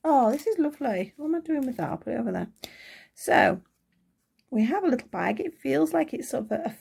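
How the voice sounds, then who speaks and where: Uk lady doing a toy unboxing, chatty and excited, bit of fry in her voice. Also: high-pitched, a little fast. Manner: chatty, thinking aloud, small excited gasps. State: losing her voice. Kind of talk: unboxing review.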